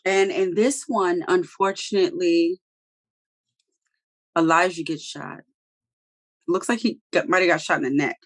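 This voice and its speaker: A woman's voice: lowish voice, unhurried, pauses often. A woman co-hosting a TV review chat, retelling scenes in a blunt, profane, slangy way. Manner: animated, profane, slangy storytelling. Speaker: co-host reviewing a TV episode. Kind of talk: casual recap chat.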